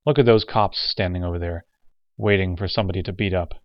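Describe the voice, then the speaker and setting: A male narrator plays a harsh, coldly mocking outsider in a storybook reading, his voice low and dry. The recording sounds dull. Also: steady tone, quick pace, no echo. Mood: scornful. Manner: harsh, cold, sardonic. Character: bitter, sardonic off-world man.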